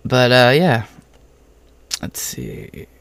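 A man's voice: mid-range voice, huge pitch swings, drawn-out words, gravelly, a bit bright, a little hiss or hum. A man giving ranting, sarcastic political commentary, swearing heavily.

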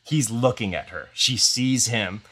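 Young man, podcast host, casual storytelling, rambling, filler-heavy, animated retelling. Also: mid-range voice, a little slow. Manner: animated retelling with quoted voices.

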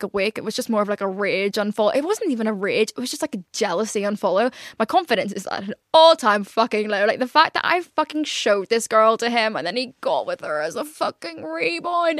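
A young woman hosts a podcast, sharing a personal story in candid, casual chat, swearing freely and acting out what people said. Her voice is a little high, expressive and a little fast. The audio is studio quality with no echo.

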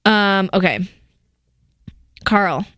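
A young woman co-hosting a casual podcast chat. She rambles and restarts, with filler words everywhere. Her voice sits at a middle pitch, recorded dry and close. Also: very slow, fairly bright tone, dry recording. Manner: chatty, lots of likes and restarts. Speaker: podcast co-host.

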